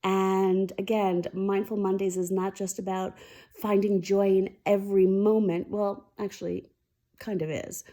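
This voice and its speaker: A woman's voice: mid-range voice, flat delivery, measured pace, warm tone. A woman hosting a weekly mindfulness talk, speaking candidly and confidingly in a casual heartfelt chat to camera. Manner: candid, confiding, speaking openly about feelings.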